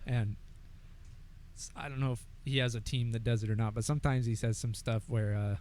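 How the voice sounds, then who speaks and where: A young man co-hosting a podcast in casual chat, animated, swearing and laughing often. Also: medium pitch, a little fast, a little hiss or hum. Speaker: podcast co-host.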